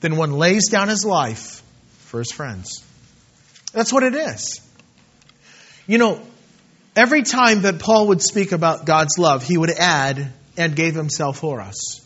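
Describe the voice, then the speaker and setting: A male pastor delivers a sermon in a fairly high voice, dropping to soft asides and then rising into loud, emphatic bursts. The recording is dull and lo-fi. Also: expressive, measured pace, long pauses, breathy edge.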